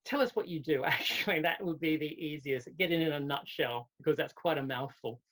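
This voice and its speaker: A woman hosting an interview, chatty and quick to laugh, sometimes tripping over her words. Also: sits low, a bit bright. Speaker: host. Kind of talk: interview chat.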